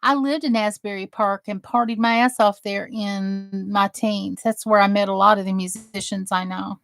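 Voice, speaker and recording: A woman's voice: mid-range voice, fairly even intonation, normal speed, gravelly, a bit bright, no room sound. A woman from New Jersey hosting a crafting livestream, chatting casually and greeting viewers by name as she works. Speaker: crafting channel host.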